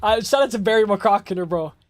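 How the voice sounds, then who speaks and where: High-voiced man hosting a fight stream. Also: fast, dry recording. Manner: loose, swearing, reads chat aloud. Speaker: host of a live MMA stream. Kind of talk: casual live-stream chat.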